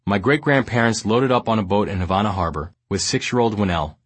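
A man from New York reading his memoir aloud as an audiobook, in a measured, steady storytelling manner. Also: lowish voice, husky. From New York, United States. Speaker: memoir narrator.

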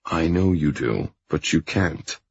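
A man reading an audiobook, voicing a patient male therapist who speaks in a measured, reassuring way. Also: a bass voice, lively intonation, husky, dry recording, highs cut off, exaggerated voice. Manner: measured, reassuring, slightly exasperated.

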